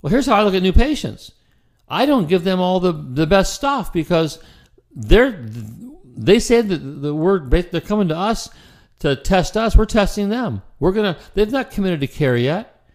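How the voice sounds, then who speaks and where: A man's voice: high-pitched, sing-song, normal speed. A middle-aged man coaching chiropractors in a casual, conversational style that often repeats words and restarts sentences. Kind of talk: casual instructional talk.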